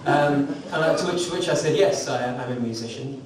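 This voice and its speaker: A man's voice: a little high, brisk, crowd noise. A man telling a rambling, self-deprecating story to introduce a song to a small audience during a live performance in a recording studio. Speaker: singer-songwriter performing live. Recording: roomy, distant live recording with background noise.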